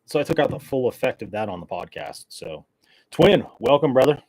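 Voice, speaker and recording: A man's voice: mid-range voice, lively intonation, a little fast, darkish tone, poor audio. A man hosting his podcast in a casual solo chat, rambling and joking in a caffeine-wired way with plenty of fillers. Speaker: podcast host.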